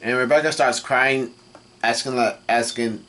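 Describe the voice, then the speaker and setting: A man with a medium-pitched voice haltingly recaps a comic in a casual read-through for his manga reaction vlog. He restarts constantly and fills gaps with fillers, giving quoted lines a flat reading.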